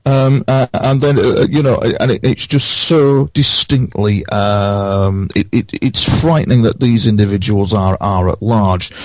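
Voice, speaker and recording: Earnest man, low and dry. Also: dry recording. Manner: earnest, repeating phrases for emphasis; halting, with many false starts. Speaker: radio show guest. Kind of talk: radio interview, recounting personal experiences.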